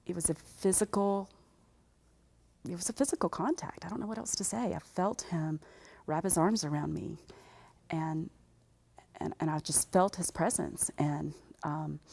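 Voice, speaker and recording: A woman telling her personal faith testimony to an audience in an animated, conversational way with self-deprecating humor. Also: low-pitched, gravelly. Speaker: speaker giving a personal testimony. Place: standing before a live audience.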